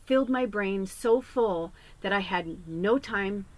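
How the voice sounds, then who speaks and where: A woman's voice: medium pitch, slow, rough recording. A woman psychic medium telling a personal story in a casual, rambling way, swearing freely.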